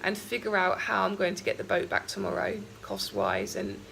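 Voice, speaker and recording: Young woman, croaky and gravelly, chatty travel vlogger rambling candidly, faint background noise. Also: fairly low pitch, very animated, normal speed, a bit bright, poor audio. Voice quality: croaky morning voice. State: out of breath from walking uphill. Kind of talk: casual travel vlog. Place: outdoors walking on a hilly island road.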